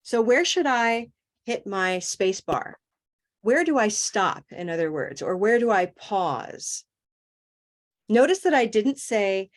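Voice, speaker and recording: Female pronunciation teacher on a video call, mid-pitched, upbeat, demonstrates phrasing by slowing right down. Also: sing-song. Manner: encouraging, laughs often, stretches words to demonstrate. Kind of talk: online class teaching.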